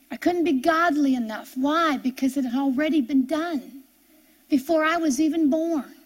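High-voiced woman preacher telling a testimony. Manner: earnest storytelling with halting restarts, rising to impassioned preaching. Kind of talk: sermon testimony.

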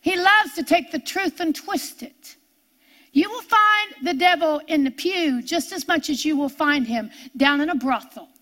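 A woman preaching a sermon with a high, bright, piercing voice. She drives home each point by repeating it, building emphasis as she goes. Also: measured pace.

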